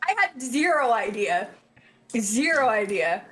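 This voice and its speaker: A woman's voice: a little high, sing-song, unhurried, very noisy. A woman from Canada, a tabletop game player, joking in casual chat and laughing often.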